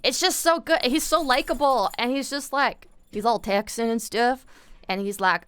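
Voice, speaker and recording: Excitable, rambling woman streamer. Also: a little high, normal speed, slight background noise. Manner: rambling and excitable, swears freely. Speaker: live streamer. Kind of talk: casual chat.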